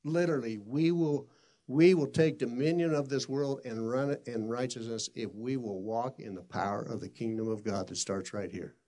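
A man's voice: medium pitch, steady tone, normal speed, mellow. A middle-aged man preaching a sermon and telling stories in an earnest, conversational way with frequent restarts. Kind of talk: sermon storytelling.

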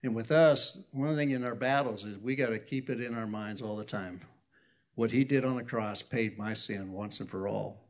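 A man's voice: lowish voice, moderate pace. A man preaching an informal sermon in a conversational way, restarting his sentences and acting out the people he quotes. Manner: conversational, acts out quotes loudly, self-correcting.

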